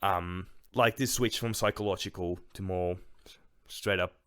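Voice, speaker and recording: A man's voice: sits low, fairly even intonation, measured pace, fairly bright tone, clean tone, no room sound, studio quality. A man co-hosting a podcast in a casual film discussion. He speaks hesitantly, with many fillers and restarts. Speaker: podcast co-host.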